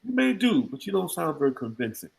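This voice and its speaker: Male jazz clinician, fairly high voice, scats examples mid-lecture, playful, video-call audio. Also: quick pace, gravelly, background noise. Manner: scat-sings rhythm examples between explanations; animated, humorous teaching. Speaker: jazz music educator. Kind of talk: online music clinic lecture.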